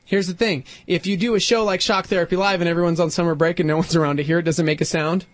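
A man hosting a radio talk show, bantering casually with teasing energy and sudden loud bursts. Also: a little high, fairly even intonation, quick pace, no room sound.

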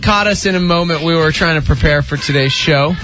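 A man's voice: fairly high pitch, a little fast. A man in his thirties co-hosting a morning radio show, joking and self-mocking in casual banter, with a cold. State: has a cold. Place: radio studio. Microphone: studio microphone. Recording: music bed underneath.

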